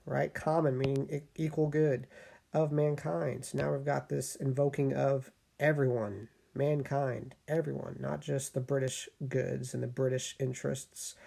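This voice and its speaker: A man's voice: medium pitch, creaky, warm tone. A man teaching a recorded lesson in a casual, explanatory way, often checking in with his listeners.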